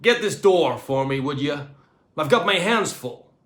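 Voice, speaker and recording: A man's voice: on the high side, expressive, measured pace, a bit bright. A swaggering, bossy astronaut captain with an American accent, put on by a man reading a storybook. He squawks orders and drips sarcasm, his voice leaping up and down. The room has a noticeable echo. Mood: commanding. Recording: echoey room.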